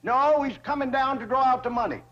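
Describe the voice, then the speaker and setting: A man's voice: extremely high pitch, brisk, a bit bright. An actor playing a boastful, girl-chasing old hillbilly man with a rural drawl in a sitcom. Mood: grumbling. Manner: rural drawl, comic and chatty. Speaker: bank customer. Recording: dull old TV audio with laugh track and hiss.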